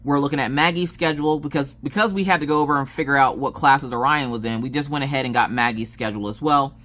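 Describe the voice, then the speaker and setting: A woman's voice: very deep voice, fast talker, fairly bright tone. A woman craft vlogger in a casual chat, telling a rambling story with many fillers and restarts.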